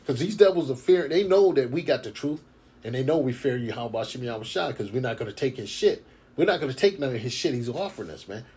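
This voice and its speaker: A husky man gives an informal sermon, reading scripture slowly and then breaking into heated, profane street slang. His voice sits at an ordinary middle pitch with a rough edge. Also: expressive, warm tone. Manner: gets fired up. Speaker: scripture teacher. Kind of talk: informal preaching monologue.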